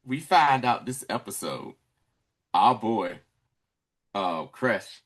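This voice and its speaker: A man's voice: on the low side, takes it slowly. A man hosting a podcast, recapping a TV episode in casual chat and acting out the scenes. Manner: animated, acts out scenes. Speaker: podcast host.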